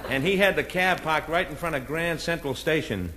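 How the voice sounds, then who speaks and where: A Boston man telling stand-up jokes, his voice set fairly high, who switches into a raised, stagey voice for the people in his stories. The old comedy record carries a steady background hiss. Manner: brisk storytelling with punchlines, voices the characters with a raised pitch.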